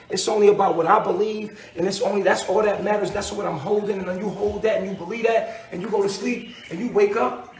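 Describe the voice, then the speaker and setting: Male street preacher type, very high voice, echoey distant recording. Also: slight background noise. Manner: preachy, repetitive, escalating into shouting. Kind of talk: rambling philosophical monologue. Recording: echoey, from far off the mic.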